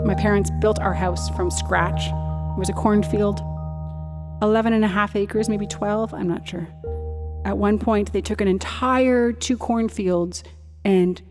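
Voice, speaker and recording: A woman's voice: medium pitch, steady tone, a little slow. A woman in her thirties or forties, from Ontario, hosting a cabaret livestream and chatting casually between songs, rambling and restarting her sentences. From Ontario, Canada. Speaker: cabaret host and singer. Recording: long hall reverb with faint music.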